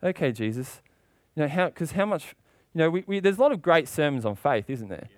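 A man's voice: sing-song, brisk, no room sound. A man preaching a sermon with passion, asking rhetorical questions and getting worked up as he goes. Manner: impassioned, rising in pitch when worked up.

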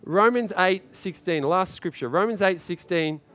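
A man with a high, bright-toned voice preaching a sermon in church, pressing his listeners with repeated calls and rising to shouted climaxes. Soft instrumental music plays faintly underneath. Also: measured pace. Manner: urgent, repetitive exhortation with rising shouted climaxes.

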